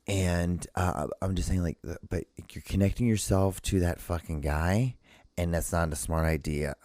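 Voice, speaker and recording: A man's voice: low-pitched, fairly even intonation, normal speed, darkish tone, no echo, studio quality. A young man hosting a podcast, telling a rambling story in casual chat, swearing often and restarting his sentences. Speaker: podcast host.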